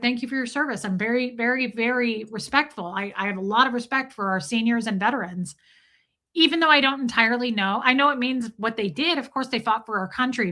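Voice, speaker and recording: A woman's voice: fairly high pitch, sharp tone. A woman hosting a casual livestream Q&A, candidly answering chat comments and thanking viewers by name. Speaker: livestream host.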